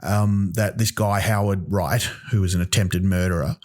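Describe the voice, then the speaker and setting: A man's voice: low voice, steady tone, normal speed, darkish tone. Profane, rambling man. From Australia. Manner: profane, rambling, with many ums and restarts. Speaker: comedy podcast host. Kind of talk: solo comedic rant.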